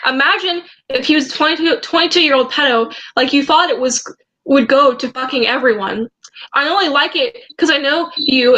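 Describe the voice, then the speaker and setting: Young woman vlogging, high bright voice, halting w lots of ums. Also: poor audio. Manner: hesitant, halting, with many ums and restarts. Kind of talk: casual storytelling, reading out chat messages.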